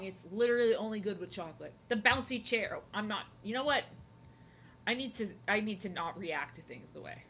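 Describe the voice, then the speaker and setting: A young woman talks while she draws at home, wandering from joke to joke and breaking off her own sentences. Her voice is bright and sits at a middling pitch. Faint noise hums underneath. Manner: rambling, jokey, self-interrupting. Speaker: art streamer. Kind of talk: casual chat while drawing. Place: home, seated at desk.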